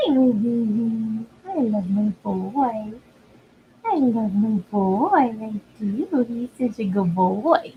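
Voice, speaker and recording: A woman's voice: fairly high pitch, sing-song, slow, long pauses. A woman cooing baby talk to her dog at home. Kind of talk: talking to a pet. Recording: tinny phone-like audio with faint noise.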